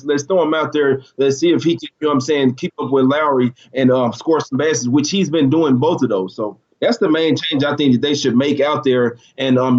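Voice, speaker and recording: A man co-hosting a sports betting show, talking casually in a laid-back, slangy way and laughing easily. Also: a little high. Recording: dull lo-fi audio.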